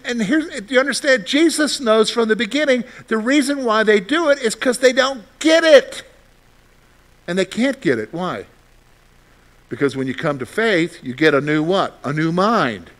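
A man preaching a sermon to his congregation, asking rhetorical questions and answering them himself, moving between loud emphasis and quiet, confiding asides. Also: sits high, lively intonation, moderate pace. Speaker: pastor.

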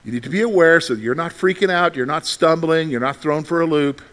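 A male pastor preaching a sermon, animated, asking his congregation questions and candidly sharing his own frustrations. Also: a little high, fairly quick, rough recording. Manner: candid, shares personal frustrations.

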